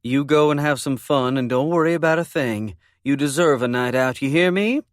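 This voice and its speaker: A man reading a romance audiobook, voicing a kind older mother in a slightly raised, soft voice. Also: medium pitch, normal speed, dry recording, studio quality, pitched above the performer's own voice, natural voice. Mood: tender.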